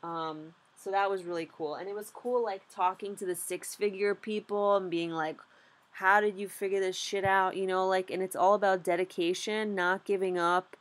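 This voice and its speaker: Animated young woman vlogging her trades. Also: medium pitch, moderate pace. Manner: animated and candid, lots of "like" and swearing. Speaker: beginner stock trader vlogger. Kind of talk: casual vlog recap.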